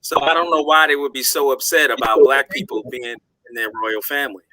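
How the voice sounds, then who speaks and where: A man on a casual panel chat, joking and giving drawn-out explanations. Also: mid-range voice, bright, forceful tone, no echo, poor audio.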